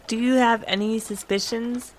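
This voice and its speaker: A woman's voice: on the high side, steady tone, normal speed, a little hiss or hum. Blunt woman player in a tabletop game. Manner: blunt, questioning. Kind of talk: in-character tabletop role-play.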